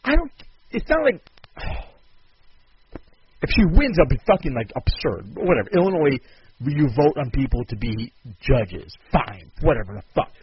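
A man's voice: medium pitch, lively intonation, unhurried, slightly rough, muffled recording. A man hosting a podcast, delivering an angry solo rant full of profanity and furious outbursts. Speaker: podcast host.

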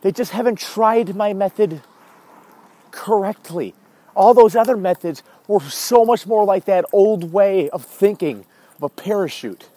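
Smug stubborn crank, insistent, lecturing, a man putting him on, raised higher voice. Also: measured pace, warm tone, dry recording. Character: smug stubborn man pushing a crazy method.

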